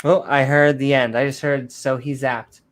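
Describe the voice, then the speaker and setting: A woman's voice: very deep voice, flat delivery, normal speed. A woman co-hosting a comedy podcast, teasing and joking in casual banter. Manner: playful, teasing, joking asides. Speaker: podcast co-host.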